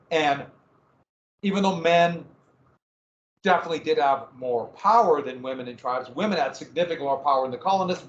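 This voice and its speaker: Recorded from far back in the classroom, the sound is echoey and muffled as a man with a higher-pitched voice gives a relaxed history lecture full of jokes and dramatic stresses.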